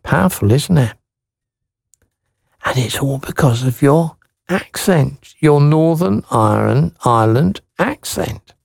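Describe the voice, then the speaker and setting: A man hosting Christian radio, gently reading a listener's letter, encouraging her with tag questions, and praying. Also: a little high, expressive, takes it slowly, gravelly, slightly rough, dry recording, clean studio sound.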